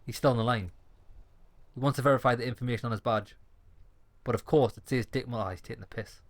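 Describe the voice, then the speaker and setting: A man's voice: mid-range voice, fast talker. A man playing a story game, reading its dialogue aloud with sweary, sarcastic asides. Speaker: gaming streamer. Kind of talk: let's-play reading and commentary.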